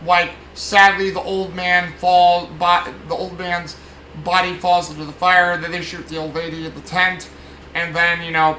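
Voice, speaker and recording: A man's voice: sits high, pushed and bright, reverberant, slight background noise, rough recording. A man recapping a film casually at home, rambling with lots of fillers and restarts. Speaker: podcast host reviewing a film.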